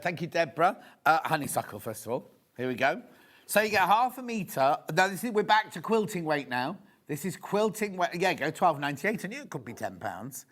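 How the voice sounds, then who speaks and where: His voice sits high and sounds a bit bright. He's a presenter on a live TV shopping show, filmed in a studio, who chats and gossips enthusiastically while showing fabrics.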